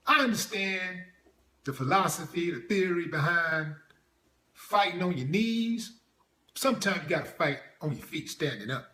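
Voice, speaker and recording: Sarcastic man with a lively voice. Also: sits high, echoey room. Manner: blunt, sarcastic, mocking impressions. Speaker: video commentator. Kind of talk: reaction commentary.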